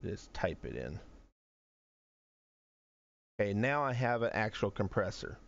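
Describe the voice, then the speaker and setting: A man with a fairly low voice talks through a casual streamed tutorial. He explains each setting step by step and thinks aloud as he works. The audio sounds muffled and lo-fi. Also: big pitch swings, measured pace, creaky. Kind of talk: casual screen-share tutorial.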